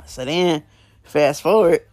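A man's voice: fairly high pitch, slow pace, a little mellow, dry recording. A man casually retelling prison stories, rambling with lots of fillers and slang. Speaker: storyteller.

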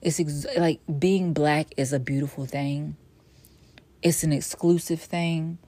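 Low-voiced, blunt, profane woman host. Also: steady tone, a little slow, dry recording. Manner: blunt, profane and emphatic, with sudden loud bursts; swings between weary sighs and sassy exclamations. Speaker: podcast host. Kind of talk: casual solo monologue.

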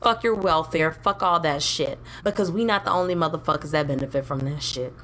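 A young adult woman co-hosting a podcast in blunt, animated, profane casual chat. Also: low-pitched, fairly quick, heavy background noise. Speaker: podcast co-host.

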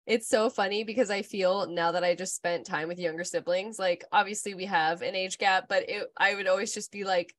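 A woman in her thirties talking casually as a podcast co-host. She tells personal stories in a candid, rambling way, often leaning on "like". Her voice sits at a middling pitch. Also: steady tone, a little fast, hardly any pauses, a bit bright, dry recording. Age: 30s. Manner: candid, rambling storytelling with frequent "like". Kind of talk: casual chat.

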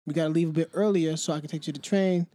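Male podcast co-host, high pitched, laid-back storyteller, dry studio sound. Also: steady tone, very fast, warm tone, no echo. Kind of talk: casual chat.

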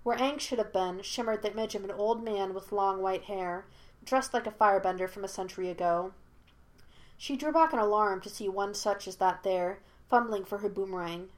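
A woman reads a fan story aloud in an even, steady storytelling manner. Her voice sits at a middle pitch for a woman. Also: normal speed. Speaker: audiobook reader. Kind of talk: scripted narration of a fan story.

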